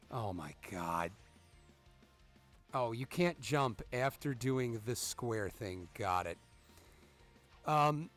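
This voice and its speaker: A man in his thirties hosting gameplay commentary, telling a parenting story in a profane, ranting way with exasperated reactions to the game. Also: mid-range voice. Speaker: gaming channel host.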